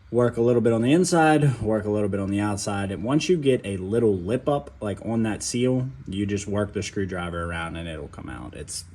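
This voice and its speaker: In his home garage, a DIY mechanic with a fairly low, somewhat mellow voice explains a truck job casually to viewers. He keeps it loose and chatty, calls them "guys," leans on fillers, and gets winded at times.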